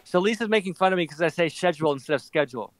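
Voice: medium pitch, rapid-fire, a little hiss or hum. A co-host on a casual craft livestream, chatty and reading out viewer comments.

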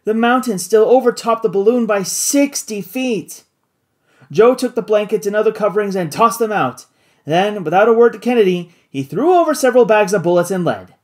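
A narrator reading a classic adventure novel aloud in an expressive, dramatic way. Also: medium pitch, moderate pace. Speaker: audiobook narrator.

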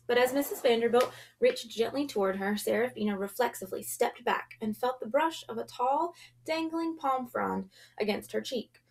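A woman reads a children's novel aloud in a gentle storytelling voice. Her tone sits a little high, with a soft gravelly creak. At tense moments she drops to a hush. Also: normal speed, slight background noise. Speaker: audiobook reader.

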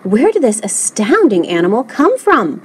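A woman reading aloud gives voice to a brisk, helpful librarian from a storybook. She speaks matter-of-factly, with a lively rise and fall. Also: fairly high pitch, breathy edge.

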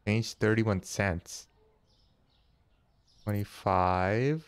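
A man hosting a casual let's-play, chatty and jokey, thinking aloud and counting money out loud as he goes. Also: on the low side, measured pace, clear, resonant tone, no room sound. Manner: jokey, easily startled. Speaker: gaming channel host.

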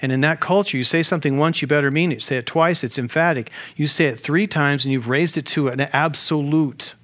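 A male pastor preaching a sermon in an animated way, with rhetorical questions and humorous asides. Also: on the high side, brisk.

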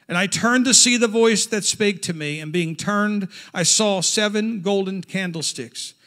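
A male pastor preaching a Pentecostal sermon, reading scripture aloud and building to fervent shouts. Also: high voice.

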